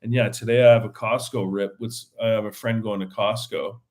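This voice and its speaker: A man's voice: fairly low pitch, fairly even intonation, a little fast, a little mellow. A man hosting his own podcast, chatting casually on his own in a rambling, slangy way with many fillers and restarts. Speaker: podcast host. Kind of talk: casual solo chat.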